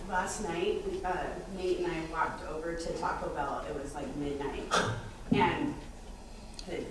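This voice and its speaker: A woman on a convention panel telling a story with animated laughs. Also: deep voice, unhurried, heavy background noise. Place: convention hall room before an audience. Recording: very echoey hall, far from mic, crowd behind.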